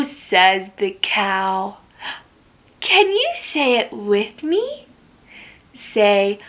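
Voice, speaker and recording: A young woman talks to toddlers in a high, bouncy voice, stretching her words out very slowly. She gasps with delight and then drops to a hushed whisper. Her sing-song teaching sounds full of wonder and praise. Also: very animated. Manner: exaggerated gasps and cheerful praise.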